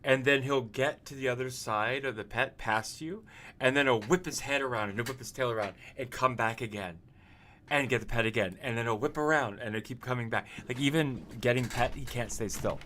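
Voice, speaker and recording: A chatty man streams while he works on his indie game, rambling through his thoughts with frequent laughs and restarts. His pitch sits in a middle range, and faint noise hums under the recording. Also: brisk, bright, forceful tone. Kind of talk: casual livestream chat.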